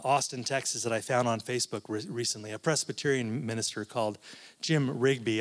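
A man's voice: mid-range voice, a bit bright. A man, a professor, giving a conversational talk at a church, with asides and frequent restarts. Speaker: guest speaker, professor.

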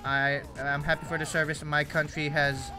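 A man's voice: on the high side, little pitch movement, normal speed, over music. A young man, rambling and joking through casual gameplay commentary. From Canada. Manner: rambling, jokey, self-deprecating. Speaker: gaming YouTuber.

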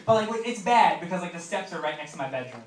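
A young man in his twenties doing a stand-up set, talking fast and loose, with lots of fillers and asides to the crowd. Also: sits high, lively intonation. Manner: chatty, filler-heavy delivery with quick asides to the crowd. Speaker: stand-up comedian. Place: comedy club stage. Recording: roomy club sound, mic far, noisy.

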